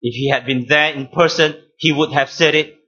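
A man preaching a sermon as pastor, teaching deliberately, stressing key words and repeating phrases. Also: on the high side, fairly even intonation, pushed and bright, highs cut off.

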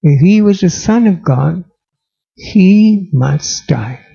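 Preacher, male, animated delivery with gravelly fry, muffled lo-fi sound. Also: high voice, slow pace. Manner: dramatic, rhetorical questions. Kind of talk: sermon.

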